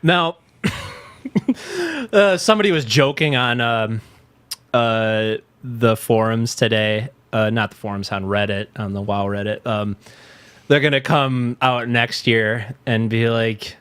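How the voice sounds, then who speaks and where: A man's voice: slow, fairly bright tone, smooth, dry recording. A man co-hosting a podcast in casual chat, laid-back and swearing freely. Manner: laid-back, swears freely, mocks presenters in a high goofy put-on voice. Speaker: podcast co-host.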